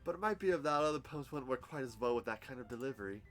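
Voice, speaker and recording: A man's voice: mid-range voice, expressive, racing, a bit bright, soft background music, voice pushed up, natural voice. A man voicing a poised teenage girl club president with an odd English-American hybrid accent and a refined manner. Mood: advising. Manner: refined, sophisticated.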